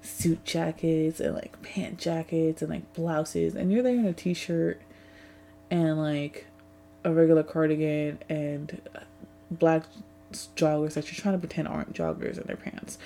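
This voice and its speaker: A woman's voice: low-pitched, sing-song, unhurried, dark tone. A young woman in a casual vlog, venting in a rambling way with frequent swearing and sarcastic asides. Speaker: vlogger. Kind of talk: casual chat.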